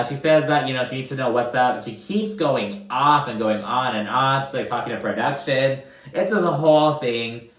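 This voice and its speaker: A man's voice: medium pitch, a bit bright, roomy sound. Chatty, cursing man recapping a show. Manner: chatty, loose, swears often, many fillers. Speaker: recap commentator. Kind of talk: casual reality TV recap.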